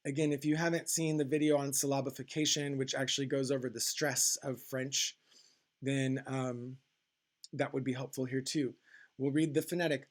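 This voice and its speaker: A young man teaching French pronunciation, reading example words slowly and carefully between casual explanations. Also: fairly high pitch, fairly even intonation. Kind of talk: pronunciation lesson.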